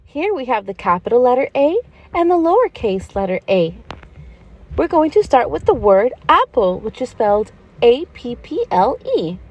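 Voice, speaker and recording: A woman voicing a gentle, patient gazelle schoolteacher who leads a preschool letter lesson in a sing-song, encouraging way and praises often. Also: a little high, big pitch swings, normal speed, lo-fi sound. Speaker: preschool teacher.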